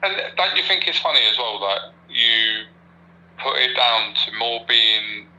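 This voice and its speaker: Bright-voiced man cohost. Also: mid-range voice, lively intonation, a little slow, rough recording. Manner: questioning, making a point. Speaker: co-host. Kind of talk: casual podcast conversation.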